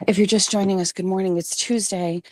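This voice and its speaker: A woman in her forties chatting casually to camera, slipping into a high cooing voice for her dogs. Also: fairly even intonation, a little fast, a little mellow. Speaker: vlogger. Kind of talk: casual vlog chat.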